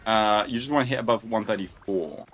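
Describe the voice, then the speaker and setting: A man's voice: fairly low pitch, a little fast, a bit bright. A young man hosting a casual livestream, chatting, joking and answering viewer questions. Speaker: livestream host.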